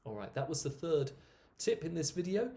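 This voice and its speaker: A man's voice: a little high, moderate pace. A man, an English teacher casually explaining spoken usage and demonstrating word sounds. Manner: relaxed, repeats words to demonstrate pronunciation.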